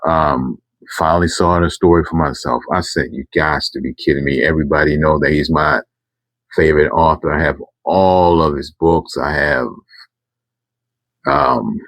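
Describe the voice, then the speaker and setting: Brief: deep middle-aged male storyteller, rambling and emphatic, dry close sound. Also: fairly even intonation, a little slow, a bit bright, no echo. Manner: rambling, self-correcting, emphatic. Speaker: channel host telling a story. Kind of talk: casual storytime monologue.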